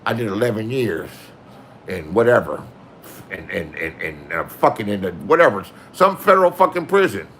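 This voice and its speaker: A man putting on a low, muttering older ex-convict who talks offhand and swears. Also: very animated, normal speed, fairly bright tone, slight background noise.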